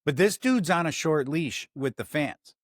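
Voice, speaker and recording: Hosting a casual sports podcast with a Chicago accent, a man rambles, swears and cuts off his own sentences. His voice is on the high side with lively intonation and an unhurried pace, captured in a dry, clean studio recording.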